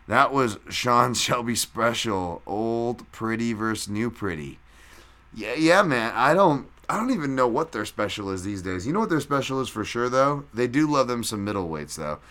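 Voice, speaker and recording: A man's voice: fairly low pitch, pushed and bright. A man hosting a podcast in a loose, rambling live-stream recap, reading out chat and swearing casually. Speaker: podcast host.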